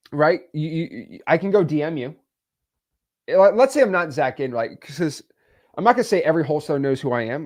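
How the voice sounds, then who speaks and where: Blunt, animated man coaching. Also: a little high. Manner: blunt, animated, talks to the viewer, frequent "right?" tags. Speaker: host. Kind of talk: casual coaching monologue.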